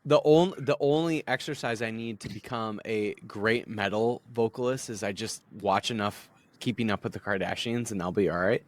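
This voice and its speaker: A man's voice: fairly low pitch, moderate pace, few pauses. A man co-hosting a podcast, ranting in a fired-up, swearing casual way. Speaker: podcast co-host.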